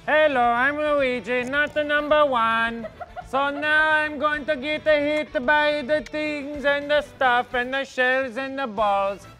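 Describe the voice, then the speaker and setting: A man's voice: extremely high pitch, fairly even intonation, slow pace, full character voice. A man voicing a meek, goofy plumber hero in a silly, mock-formal way. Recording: loud music under the voice.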